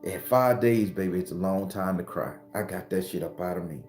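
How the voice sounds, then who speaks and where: Southern guy preaching spiritual stuff, lowish mellow voice, echoey room. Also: brisk, faint music behind. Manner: earthy, preachy, repetitive and emphatic. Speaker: spiritual teacher. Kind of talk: spiritual talk to followers.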